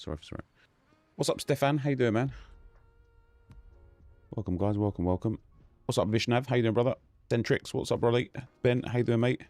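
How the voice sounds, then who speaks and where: A man's voice: medium pitch, darkish tone, dry recording. A man hosting a gaming live stream, casually greeting viewers by name in a loose, chatty way.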